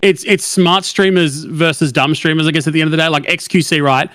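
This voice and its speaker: A man laying out his opinions in casual chat, swearing constantly as he argues his point. His voice is a touch high for a man, and it is recorded dry and close, with no room sound. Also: fairly even intonation, brisk, a bit bright, dry recording. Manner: opinionated, argumentative, heavy swearing.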